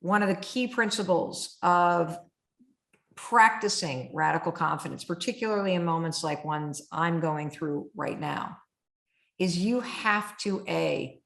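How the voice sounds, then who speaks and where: A middle-aged woman hosting an interview, telling stories in an animated, vivid way. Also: fairly low pitch, measured pace, creaky. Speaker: host. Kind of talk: conversational interview. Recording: roomy echo.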